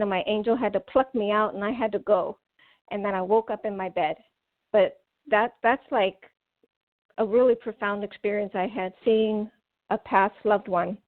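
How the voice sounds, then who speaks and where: A woman guest telling a personal story in an earnest, animated way. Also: medium pitch. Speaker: guest author. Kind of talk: casual storytelling over phone. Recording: tinny phone line.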